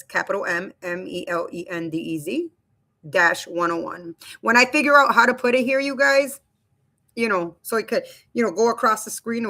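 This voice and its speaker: Streaming casually on a webcam from her home room, this woman in her thirties or forties keeps things chatty and loose, frequently saying "you guys" to her viewers. She speaks at a medium pitch with a bright, forceful tone.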